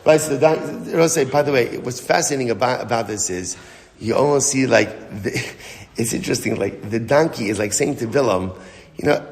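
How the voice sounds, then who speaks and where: A man teaching a daily Talmud lesson as a rabbi, telling the story with lively, casual asides. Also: medium pitch, brisk. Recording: long hall reverb.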